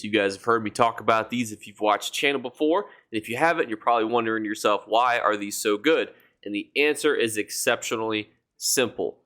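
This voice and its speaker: Game-guide YouTuber, male, mid-pitched, casual and enthusiastic with his audience. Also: pushed and bright. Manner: chatty and enthusiastic, addresses viewers as "you guys". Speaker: gaming YouTuber.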